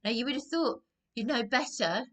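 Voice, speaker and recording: A woman's voice: fairly high pitch, moderate pace, fairly bright tone. A woman ranting about personal grievances in a rambling, agitated way, often repeating herself. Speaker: vlogger. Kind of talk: aggrieved personal rant to camera.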